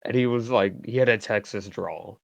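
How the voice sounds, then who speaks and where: A man's voice: on the low side, moderate pace, creaky, no room sound, muffled recording. A teenage man, a podcast guest, recounting things in a dry, matter-of-fact way. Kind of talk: casual podcast chat.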